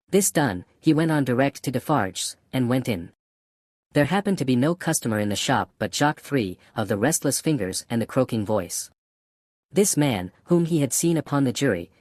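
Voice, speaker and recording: Narrador masculino de audiolibro, lectura pausada, voz de tono medio y sonido seco y cercano. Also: male voice, mid-range voice, darkish tone, no echo, clean studio sound. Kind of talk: scripted narration.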